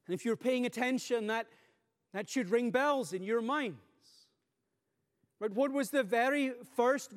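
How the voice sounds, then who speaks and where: A man's voice: sits high, long reverb tail. A man preaching an expository sermon, teaching earnestly and checking in with his listeners with frequent "right?" asides. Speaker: pastor.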